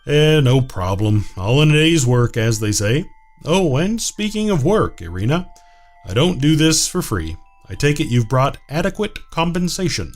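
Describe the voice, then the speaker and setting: A man's voice: mid-range voice, sing-song, moderate pace, soft background music, voice pushed up, natural voice. A man voicing a cold, aloof man in a visual novel who speaks curtly and formally. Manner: curt, formal, dismissive. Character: cold, aloof male mnemonicide, grudging and stern.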